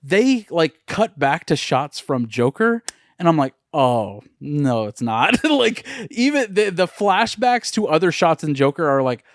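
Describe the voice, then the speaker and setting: A man's voice: high-pitched, very animated, a little slow, no room sound. Blunt, swearing man, dry close sound. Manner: blunt, swears a lot, emphatic. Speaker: podcast co-host. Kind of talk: casual chat.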